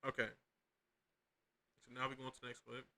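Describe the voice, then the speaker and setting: A man's voice: mid-range voice, completely flat delivery, fairly quick, pushed and bright. A young man hosting a podcast, giving casual, profane, rambling reaction commentary with lots of slang and restarts. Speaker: podcast host reacting to clips.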